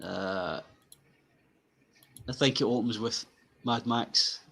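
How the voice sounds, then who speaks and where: A man's voice: mid-range voice, slow pace, gravelly, fairly bright tone. A man co-hosting a livestream, chiming in with short replies and suggestions in casual chat. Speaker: co-host.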